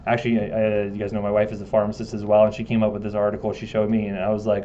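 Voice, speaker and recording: A man's voice: lowish voice, completely flat delivery, rapid-fire, hardly any pauses, mellow, highs cut off. A man giving a casual classroom lecture, joking and asking his students questions.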